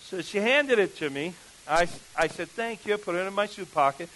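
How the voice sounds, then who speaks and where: A man preaching a sermon through an animated story, acting out the voices of the people in it. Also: sits high, fairly quick, rough recording.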